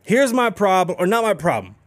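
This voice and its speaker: A man's voice: high-pitched, big pitch swings, brisk, dry recording. A man hosting a podcast, ranting casually and profanely with lots of swearing. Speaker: podcast host. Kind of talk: casual chat.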